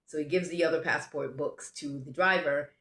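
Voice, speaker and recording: Speaking at normal speed, an American woman with a low-pitched, fairly bright voice shares a travel story as a vlogger. She's casual and rambling, often breaking off and restarting, and the recording echoes roomily.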